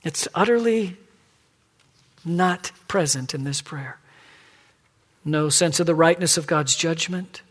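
A man preaching a sermon who swings from hushed whispers to loud, emphatic pleading and acts out quoted voices. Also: on the high side, slow pace, pauses often. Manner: acts out God and the people in quoted lines. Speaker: pastor.

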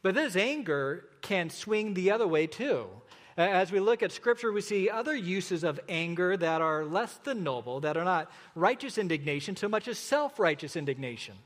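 Higher-voiced man preaching in a reverberant hall. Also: expressive. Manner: earnest preaching with slow emphatic repetitions. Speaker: pastor. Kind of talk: sermon.

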